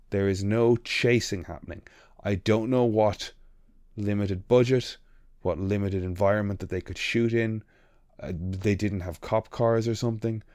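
Animated, sweary man ranting on a podcast. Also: on the low side, no room sound, clean studio sound. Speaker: podcast co-host. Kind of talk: casual chat.

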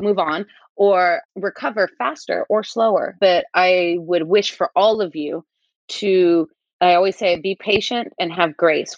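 A woman's voice: fairly low pitch, no room sound, highs cut off. A woman co-hosting a podcast, talking in an earnest, encouraging and reflective way. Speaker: podcast co-host. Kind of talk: casual podcast chat.

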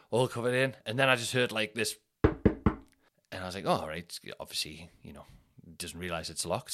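A man hosts his comedy podcast and tells a casual, rambling anecdote. His pitch swings widely and expressively as he talks. He drops in swearing and pokes fun at himself along the way. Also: a bit bright. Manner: swears freely, mocks himself.

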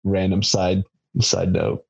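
Low husky man telling stories. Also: monotone, low-quality recording. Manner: loose, halting, fills with ums. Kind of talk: casual storytelling chat.

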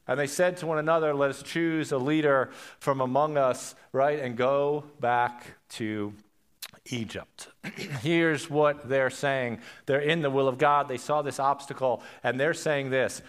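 A man preaching a sermon in a conversational way, swinging between loud emphasis and quiet, low passages. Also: a little slow. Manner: acts out quoted voices in asides. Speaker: pastor.

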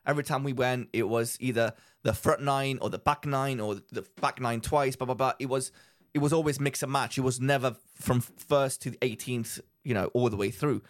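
A man co-hosting a podcast in casual, excitable, rambling chat. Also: mid-range voice, moderate pace. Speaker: podcast co-host.

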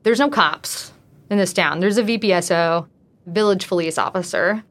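A woman's voice: on the low side, moderate pace, fairly bright tone. A woman casually telling her own true story, talking in a loose way with frequent "like" fillers.

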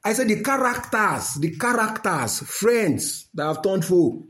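A man's voice: sits high, big pitch swings, a little slow, fairly bright tone. A man with a Nigerian accent delivering a heated, repetitive monologue to his listeners, slipping into pidgin and Yoruba. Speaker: website founder addressing listeners.

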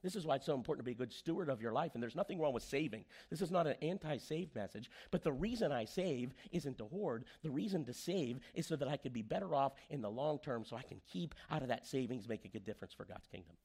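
A man's voice: medium pitch, fast talker, hardly any pauses, husky. A man preaching a sermon as pastor, telling stories and acting out the quoted voices. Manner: animated storyteller, acts out quoted voices.

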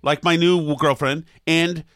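A man's voice: fairly high pitch, steady tone, unhurried, a bit bright, no echo, studio quality. A middle-aged man telling a long rambling story in casual chat, restarting sentences and trailing off with self-deprecating asides.

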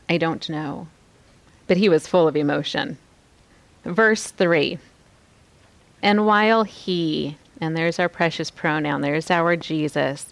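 A woman gives a devotional Bible teaching at an unhurried, lingering pace. Her voice sits a little low, and she often asks her listeners questions. The sound is dry and close, with no room echo. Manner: drops to soft, quiet tones on key lines.

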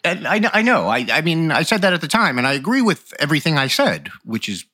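A man co-hosting a podcast in casual chat, making wry, deadpan asides. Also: on the high side, fast talker, dry recording, clean studio sound. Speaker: podcast co-host.

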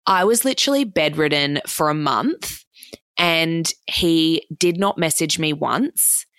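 A young Australian woman with a low voice and a gravelly edge tells a personal story in a casual, run-on way. She swears freely and fills her sentences with "like". The sound is dry and close. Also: lively intonation, a bit bright, dry recording. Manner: swears freely, fast run-on anecdote full of "like".

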